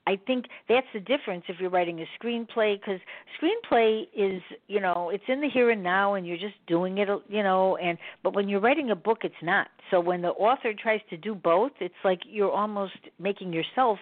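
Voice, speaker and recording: A woman's voice: mid-range voice, no room sound. A woman hosting a talk show, chatting casually in a rambling way and laughing often. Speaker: radio show host. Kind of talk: casual chat. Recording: phone-line audio.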